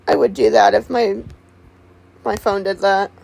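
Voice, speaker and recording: A woman's voice: mid-range voice, vocal fry, darkish tone, low-quality recording. A woman streaming live, chatting casually with a giggly, rambling manner. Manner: giggly, rambling, repeats words.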